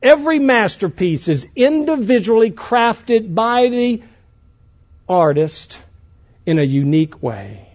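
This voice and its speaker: A man preaching a sermon to a youth conference, emphatic and preacherly, swinging between loud passages and hushed ones. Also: very high-pitched, lively intonation, takes it slowly, muffled recording.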